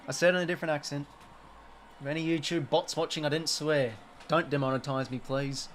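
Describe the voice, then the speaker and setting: A man's voice: fairly high pitch, steady tone, a little fast, a little hiss or hum. A young Australian man hosting a live sports watch-along, chatting casually and reacting to the play. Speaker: live stream host.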